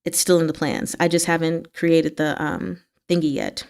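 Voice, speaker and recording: A woman hosting a book club livestream, chatting casually and answering her viewers' comments, with sudden jumps up in pitch. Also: normal speed, vocal fry, clear, resonant tone. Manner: chatty, animated pitch swings, talks back to chat.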